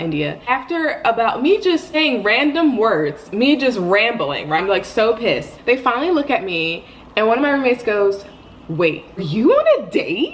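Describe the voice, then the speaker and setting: A young woman in her twenties telling a storytime while doing her makeup, chatty and animated. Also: mid-range voice, moderate pace. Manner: chatty, animated, rambling retelling. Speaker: beauty vlogger. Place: home, getting ready.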